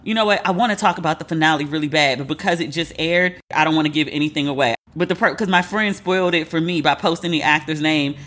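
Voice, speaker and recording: A woman's voice: deep voice, fast, few pauses, fairly bright tone. A woman in her forties hosting a casual solo podcast, talking animatedly and acting out what people said in different voices. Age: 40s. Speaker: podcast host.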